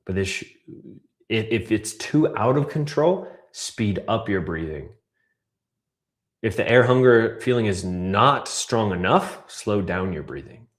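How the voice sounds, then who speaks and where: A man coaching a guided breathwork class, calmly cueing breaths and counting down holds. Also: fairly low pitch, measured pace. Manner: calm, counts down and cues breaths.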